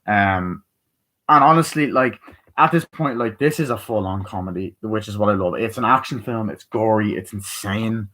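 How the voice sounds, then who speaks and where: This is a man with a lowish voice doing a casual spoken movie review. He drifts off on tangents, pads his talk with fillers and swears without a second thought. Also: sharp tone, rough recording. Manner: rambling, profane, tangent-prone, filler-heavy.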